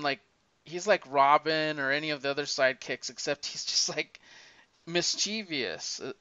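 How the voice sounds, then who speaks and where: A man in casual chat, retelling a comic story in a rambling, animated way, with many restarts. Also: on the high side, smooth, no room sound. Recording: dull lo-fi recording.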